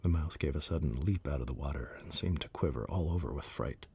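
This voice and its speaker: A man reading a bedtime story aloud in a hushed, slow whispered role-play. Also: very deep voice, creaky, slightly rough. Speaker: ASMR storyteller.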